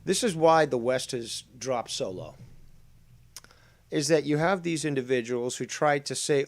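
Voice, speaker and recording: A man commenting on clips in a crude, blunt rant, loud at one moment and muttering low asides the next. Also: a little slow. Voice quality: profane and blunt, swings between loud rants and low asides.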